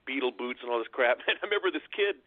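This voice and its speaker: A man in his sixties from Southern California talks as a radio interview guest. He tells stories in a relaxed, chatty way and laughs as he goes. His voice arrives over a thin, tinny phone line with a dry sound. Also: mid-range voice, racing, no echo. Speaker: guest musician. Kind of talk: casual radio interview storytelling.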